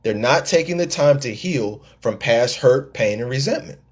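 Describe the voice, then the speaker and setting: A middle-aged podcast host with a husky, slightly raspy voice, lecturing a live audience. He tells stories, repeats his words as he builds a point and slips into the voices of the people he quotes. His pitch sits in the middle for a man. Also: lively intonation, moderate pace. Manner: preachy storytelling, acts out quoted women, repeats words. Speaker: podcast host and life coach. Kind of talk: live-taped podcast monologue.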